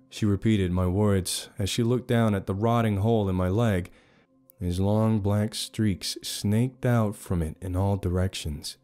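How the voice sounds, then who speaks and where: A man narrating a first-person horror story in a steady, measured way. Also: fairly low pitch, faint music behind.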